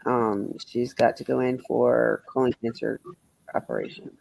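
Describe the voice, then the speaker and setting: A man's voice: mid-range voice, fairly even intonation, measured pace, creaky, darkish tone, no room sound, low-quality recording. A man chatting bluntly with viewers on a livestream, rambling and swearing freely. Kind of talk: casual livestream chat answering viewers.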